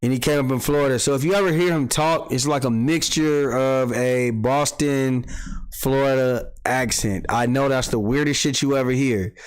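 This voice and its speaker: A man hosting a casual livestream, telling street gossip in an animated, profane style and acting out quotes. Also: medium pitch, moderate pace, clean tone, rough recording. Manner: animated storytelling, acts out quotes, swears freely. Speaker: podcast host.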